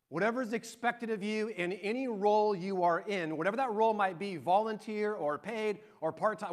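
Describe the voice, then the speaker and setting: A middle-aged man preaching a sermon and telling an animated, excited story to his congregation. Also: high-pitched. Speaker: pastor.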